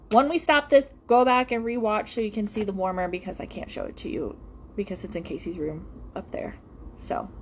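A woman who works as a home-fragrance consultant, talking casually to viewers in a rambling, animated way with lots of fillers and repeated phrases. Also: mid-range voice, a little hiss or hum. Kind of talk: casual live-stream chat to viewers.

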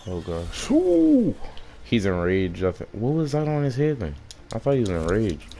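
A man with a fairly low, mellow voice gives casual gameplay commentary, exclaiming often and calling out at the monster he fights. A faint hiss of noise sits under the recording. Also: brisk. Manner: excitable, talks to the monster, frequent exclamations. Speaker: gaming streamer.

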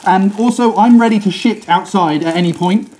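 A man in a comedic group, pitching his idea in a dry, deadpan way. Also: moderate pace, poor audio. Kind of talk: casual comedic banter.

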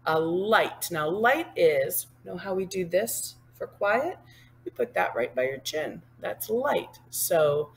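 A woman's voice: mid-range voice, slightly rough. A woman patiently teaching sign language one sign at a time, talking through each hand movement. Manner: patient, explaining each sign slowly and then singing the line. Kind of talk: step-by-step sign language lesson with sung lines.

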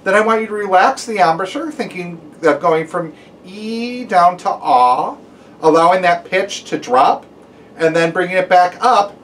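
A man's voice: sits high, measured pace, far from the mic, a little hiss or hum. Man counting through a brass practice lesson. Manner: counts aloud, gives calm step-by-step instructions with fillers. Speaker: brass teacher.

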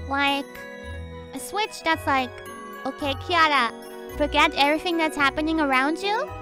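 Bubbly young woman, very high voice. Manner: excitable, giggly, often repeats words. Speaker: streamer. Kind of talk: casual storytelling chat.

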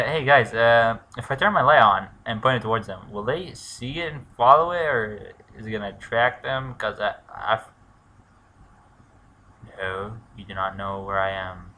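Guy muttering through a let's play, lowish voice but really bright and edgy, cusses and yells when stuff goes wrong. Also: a little hiss or hum. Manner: mutters to himself, swears and shouts when in danger. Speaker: gamer.

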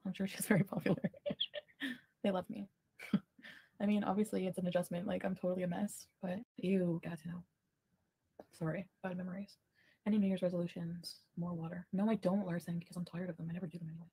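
A woman's voice: mid-range voice, dark tone, husky. A woman from Ottawa chatting casually on a livestream, giggling and answering viewer comments. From Ottawa, Canada.

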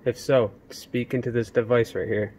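A man's voice: mid-range voice, steady tone, normal speed, a little mellow, slight background noise. A man on a ghost hunt outdoors, calling out to spirits and puzzling over a device. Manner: calls out to spirits, puzzled musing. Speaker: paranormal investigator host. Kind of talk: casual ghost-hunting chat.

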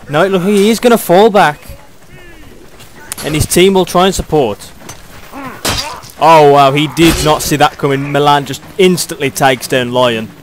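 A young British man doing excitable play-by-play commentary on a video game match, chuckling often. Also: a little high, a little hiss or hum.

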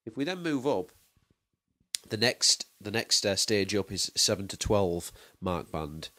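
Low-voiced guy teaching, careful and steady, lists things out one at a time, dry sound. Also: no echo. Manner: measured, listing terms one by one. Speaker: drama teacher. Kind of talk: explanatory lesson.

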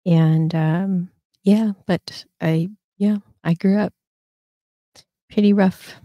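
A woman's voice: on the low side, steady tone, slow, no echo, muffled recording. A woman in her fifties hosting a casual live chat, telling rambling stories in a frank, self-mocking way. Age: 50s. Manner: rambling storyteller, frank, swears, laughs at herself. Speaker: host.

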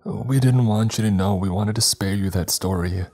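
A man's voice: fairly low pitch, normal speed, a little mellow, voice pushed up. A man doing a tearful, pleading frightened father. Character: terrified, grieving father, male, middle-aged.

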